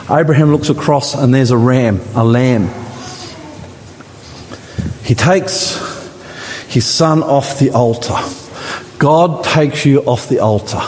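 A man preaching a dramatic sermon in a church, his voice rising higher and louder at the climaxes. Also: slight background noise. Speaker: pastor. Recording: church hall with long reverb.

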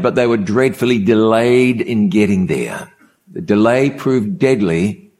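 A man's voice: mid-range voice, a little mellow. A man preaching a sermon, opening with a story and speaking in a conversational way, repeating key words for emphasis. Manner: conversational, repetitive emphasis, measured pauses.

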